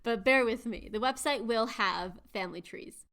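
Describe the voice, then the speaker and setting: A woman's voice: a little high, normal speed, a bit bright. A woman hosting a podcast, chatting animatedly as she retells myths with quiz-like asides. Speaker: podcast host. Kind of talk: casual chat retelling myths.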